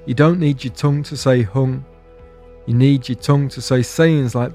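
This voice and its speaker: Deadpan man with wry spoken-word musings. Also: mid-range voice, normal speed, faint music behind. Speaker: comedian and podcast host. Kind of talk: scripted spoken-word comedy monologue.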